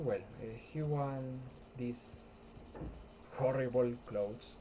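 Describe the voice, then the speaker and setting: Guy retelling a movie, lots of uh and um, dark mellow voice, faint hiss. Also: medium pitch, poor audio. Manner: halting, full of fillers and restarts. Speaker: storyteller.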